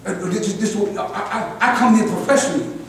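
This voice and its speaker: An older man with a high voice lectures a group, preachy and full of restarts. He is heard from a distance in a very echoey room, with faint noise behind him. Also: normal speed. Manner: preachy, repeats "God" as address, restarts often. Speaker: speaker at a community gathering. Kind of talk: impassioned address to a group.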